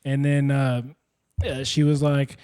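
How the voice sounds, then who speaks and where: A man, co-hosting a podcast, telling stories and mimicking his relatives in lively voices. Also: unhurried, clear, resonant tone. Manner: animated storyteller, mimics relatives in high voices. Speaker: podcast co-host. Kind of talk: casual chat.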